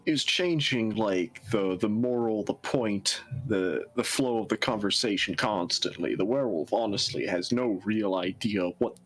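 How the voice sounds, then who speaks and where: A man narrating and refereeing a tabletop role-playing game, talking in a relaxed, halting way and laughing often. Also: lowish voice. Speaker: storyteller.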